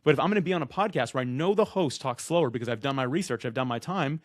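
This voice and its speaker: A man speaks straight to camera about how to be a good podcast guest. He talks loud and rapid-fire, slipping into quick impressions of guests and hosts. The sound is close and dry, with no room around it. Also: mid-range voice, lively intonation, no room sound. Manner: loud and fast, acts out quoted guests and hosts. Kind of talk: energetic direct-to-camera advice talk.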